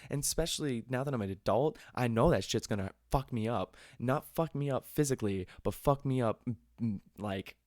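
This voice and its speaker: A man's voice: medium pitch, brisk, a little mellow, dry recording, clean studio sound. A young man, host of a podcast, telling a rambling, profane story in a casual way.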